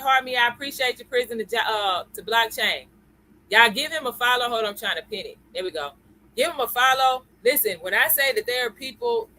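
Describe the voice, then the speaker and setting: A woman's voice: a little high, sharp tone, low-quality recording. A woman hosting a live-stream lesson. She talks in a chatty way, greets viewers by name and keeps checking in with "okay?" and "y'all.". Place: at home computer.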